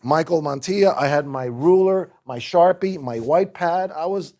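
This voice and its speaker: A man from Puerto Rico, appearing as a guest chef, shares stories casually on a podcast and animatedly acts out the people involved. His voice is fairly high, his pace normal.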